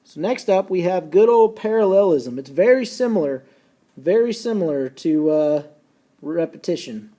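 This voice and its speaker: A man teaching a recorded lesson, folksy and casual, slowing down and repeating key points so students can take notes. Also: high voice, lively intonation, warm tone. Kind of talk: recorded classroom lecture.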